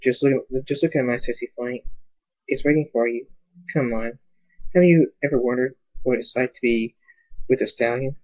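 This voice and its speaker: Silverwave, a soft-spoken flirty pony stallion as a man puts him on. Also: medium pitch, normal speed, highs cut off, close to an everyday voice. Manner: soft, teasing, seductive.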